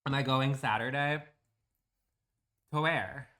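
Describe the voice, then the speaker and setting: A man's voice: mid-range voice, slow, sharp tone. A man chatting bluntly and profanely with viewers while streaming a building game. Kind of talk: casual livestream chat.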